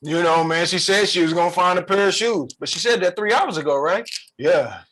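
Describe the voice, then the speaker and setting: A male podcast co-host with a high voice, talking about relationships. His delivery is animated and playful. He often slips into quick comic voices. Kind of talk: casual relationship chat.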